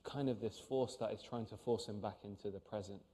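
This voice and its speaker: A man, an actor, talking earnestly and haltingly in an interview on stage, with many restarts. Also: lowish voice, steady tone, warm tone, big-room sound. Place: on a stage before an audience.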